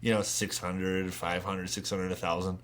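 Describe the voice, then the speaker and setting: A man's voice: low voice, flat delivery, normal speed, fairly bright tone. A man co-hosting a casual gaming podcast, rambling and laughing often, and swearing freely as he talks. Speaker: podcast co-host.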